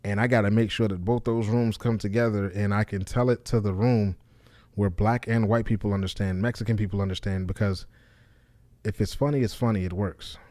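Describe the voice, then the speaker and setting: A man who is a stand-up comedian, talking casually to camera in a low, deep, monotone voice with loose fillers. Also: fairly quick, no echo. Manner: loose, repeats himself with fillers like "you know what I'm saying".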